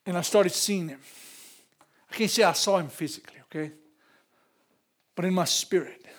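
An older man preaching in a church, emotional, repeating phrases and rising to loud peaks. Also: high-pitched, normal speed. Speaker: pastor. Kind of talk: sermon.

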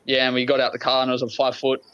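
A man's voice: medium pitch, completely flat delivery, very fast, fairly bright tone, smooth. Australian guy, laid back, mid voice, dull muffled recording. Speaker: guest. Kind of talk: casual chat.

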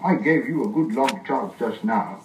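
A man's voice: mid-range voice, lively intonation, moderate pace, darkish tone, roomy sound, distant mic, slight background noise, natural voice, low-quality recording. A man reading aloud and voicing a nervous, polite small male hobbit on an old archive recording. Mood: anxious.

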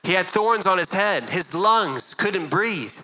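A pastor in middle age delivers a sermon in a very bright, ringing voice. He talks earnestly and conversationally, often doubling back on his words, and his pitch sits a little high for a man. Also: expressive, slow, low-quality recording.

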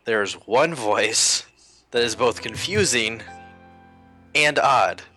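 A man co-hosting a casual game podcast, joking and telling stories with animated energy. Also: medium pitch, slow pace, faint music behind. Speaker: podcast co-host.

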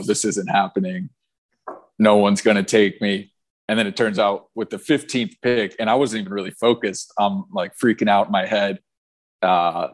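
Low-voiced young man telling a story. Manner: relaxed storytelling with fillers and repeats. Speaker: pro soccer player, guest. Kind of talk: casual interview answers.

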